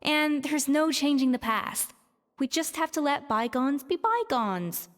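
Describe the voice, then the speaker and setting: A principled former head chef in a video game, firm and earnest, with a high, lively voice. Light reverb and faint music play behind. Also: female voice, unhurried. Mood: resigned. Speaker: game character.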